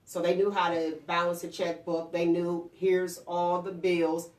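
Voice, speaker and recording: A woman hosting a casual talk show, telling lively stories about her children and acting out their lines. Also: on the low side, measured pace, distant mic. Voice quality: lively storyteller, acts out quotes. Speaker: host. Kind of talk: casual chat. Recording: roomy, off-mic.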